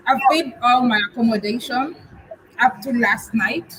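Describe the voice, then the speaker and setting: Frank woman vlogger, higher voice. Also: a little slow, fairly bright tone, rough recording. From Kenya. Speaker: vlogger host on a live chat. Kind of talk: casual live-stream conversation.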